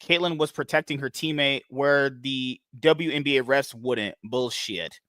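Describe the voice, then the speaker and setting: A man's voice: mid-range voice, measured pace, no room sound, studio quality. A man in casual podcast chat, ranting and mocking with lots of swearing. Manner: animated, swearing, mocking rants.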